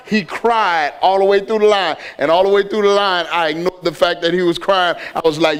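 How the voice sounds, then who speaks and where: A man pastor preaching a sermon, telling a family story and building to shouted exhortation. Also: sits high, moderate pace, clean tone.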